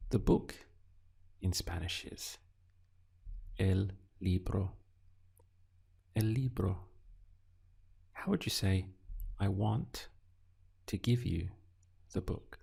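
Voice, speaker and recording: A male language teacher speaks in a very low, gravelly voice with a husky edge. He talks slowly and patiently, posing prompts and leaving room for the learner to answer. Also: steady tone, dark tone. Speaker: Spanish teacher. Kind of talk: audio language lesson.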